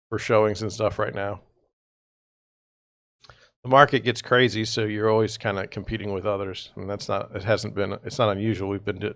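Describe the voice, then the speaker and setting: Gravelly-voiced man ranting with exasperation. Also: lowish voice, fairly bright tone, no room sound, studio quality. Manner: rambling, exasperated ranting with sarcastic asides. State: tired, yawning. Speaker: real estate agent hosting a livestream. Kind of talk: casual livestream monologue.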